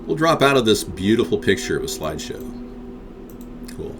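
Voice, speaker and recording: A man's voice: on the low side, sing-song, moderate pace, noisy background. A man hosting a live interactive talk stream, rambling and combative as he answers chat.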